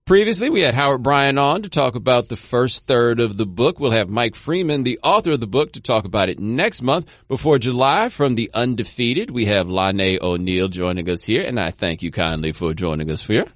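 A man hosting a podcast, leading a relaxed and thoughtful conversation about a book. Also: medium pitch, normal speed, few pauses, no echo, studio quality. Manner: relaxed, thoughtful, loose phrasing with restarts. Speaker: podcast host. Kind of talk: conversational interview.

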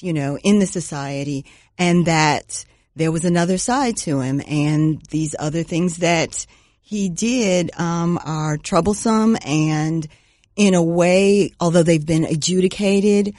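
A woman writer, a guest on a podcast, speaking in a soft, delicate voice and choosing her words with care. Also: low-pitched, no echo, studio quality. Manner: measured, searching for words. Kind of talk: conversational interview.

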